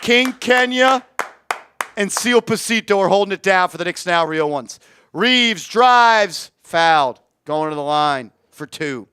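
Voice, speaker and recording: A man streaming live fan play-by-play commentary, getting excitable and shouting on big plays while reading the chat aloud. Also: high-pitched, a little slow, clear, resonant tone, no echo, clean studio sound.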